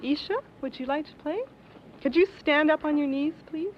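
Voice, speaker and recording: A woman hosting a children's program, coaxing kids through a sing-song name game in a slow, encouraging way. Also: sits high. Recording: dull old 16mm film soundtrack with loud music.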